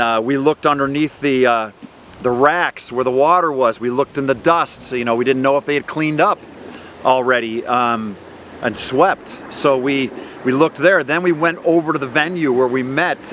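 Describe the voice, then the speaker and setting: A man's voice: medium pitch, a bit bright, a little hiss or hum. Middle-aged man preaching a sermon. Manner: earnest storytelling with frequent fillers and restarts. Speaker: pastor.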